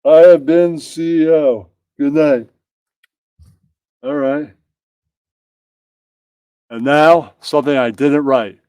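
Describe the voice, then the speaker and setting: A man's voice: fairly high pitch, steady tone, slow, long pauses, warm tone, smooth, dry recording, studio quality. Profane man reading crude jokes. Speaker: comedian.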